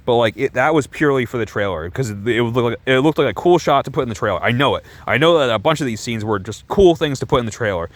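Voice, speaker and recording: A man's voice: medium pitch, expressive, quick pace, hardly any pauses. A man talks through a movie he disliked in a loose, unscripted rant. He rambles, leans on "like," and turns sarcastic, dropping a curse here and there. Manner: rambling, full of "like", sarcastic, swears. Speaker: movie reviewer. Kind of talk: casual film review rant.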